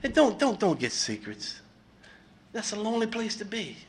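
A middle-aged man giving a blunt, profane, animated speaker share at a recovery meeting, laughing between lines. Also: high voice, normal speed, a little hiss or hum. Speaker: recovering addict sharing at a meeting.

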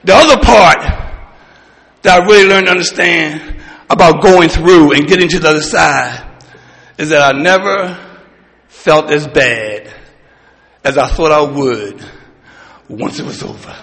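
A man giving fervent personal testimony at a recovery meeting, often shouting, with a preacher-like rhythm and blunt profanity. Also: fairly high pitch, measured pace, creaky, long pauses, long reverb tail, rough recording. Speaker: speaker sharing at a recovery meeting.

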